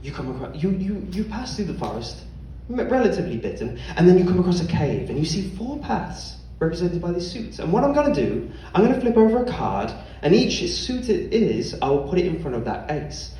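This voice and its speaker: A man's voice: high voice, big pitch swings, brisk, few pauses, warm tone. A man hosting a live stage game as game master, playful and often laughing. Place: stage before a live audience. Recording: echoey hall, far mic, crowd.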